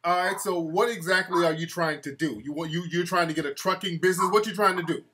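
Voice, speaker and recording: Bright-voiced man hosting a call-in show. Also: high-pitched, quick pace, slight background noise. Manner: mocking, loose street slang. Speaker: host.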